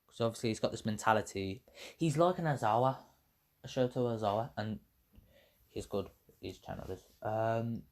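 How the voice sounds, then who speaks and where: A man's voice: on the low side, moderate pace, a little mellow. A man casually telling a fan story, rambling, correcting himself and swearing freely.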